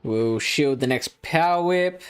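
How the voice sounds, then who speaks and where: A man's voice: on the high side, lively intonation, measured pace, clean tone, faint music behind. A man with an Australian accent hosting a live game stream, chatting casually with viewers and laughing at himself as he plays. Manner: casual, chatty, laughs at himself, thinks aloud while playing. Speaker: streamer and show host. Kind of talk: live-streamed game commentary and chat reading.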